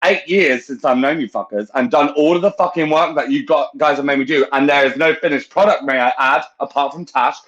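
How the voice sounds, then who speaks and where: A man's voice: fairly high pitch, a little fast, hardly any pauses, a bit bright, dull audio. A man hosting a casual chat on a video call, emotional and teasing, who swears freely. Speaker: podcast host.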